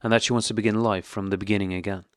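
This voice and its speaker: A low-voiced male reader as a cold, formal, wounded husband, measured and dry. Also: steady tone, dry recording, lightly acted. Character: cold, stiff, wounded middle-aged husband.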